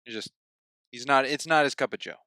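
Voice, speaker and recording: A man's voice: mid-range voice, a little fast, pushed and bright, clear, resonant tone, no room sound. A man co-hosting a casual film review chat, easygoing and teasing. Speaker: podcast co-host.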